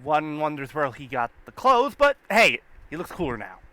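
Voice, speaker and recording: A man's voice: a little high, very animated, moderate pace, pushed and bright. A man co-hosting a casual group riff chat, thinking aloud and hedging with restarts. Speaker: co-host riffing on a show.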